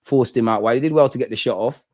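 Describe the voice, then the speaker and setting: A young man hosting a live football watch-along, reacting with slangy banter that swings from loud shouting to low muttering. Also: fast talker. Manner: slangy banter, swears at the screen. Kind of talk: live match reaction commentary.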